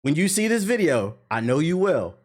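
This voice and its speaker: A man's voice: fairly high pitch, moderate pace. A young man giving profane, emphatic commentary as a streamer reacting to a critic. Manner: animated, profane, emphatic ranting.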